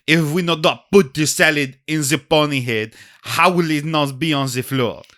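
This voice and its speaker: A man's voice: fairly high pitch, moderate pace, voice pushed up, close to an everyday voice. A man voicing a pushy, absurd French waiter with a thick put-on French accent and broken English. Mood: insistent. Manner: broken English, earnest and deadpan.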